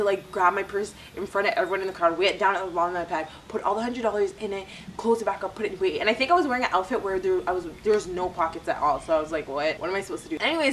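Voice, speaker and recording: A young woman telling chatty, animated stories as a vlogger. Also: medium pitch, recorded from a distance, a little hiss or hum, rough recording. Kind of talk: casual storytime.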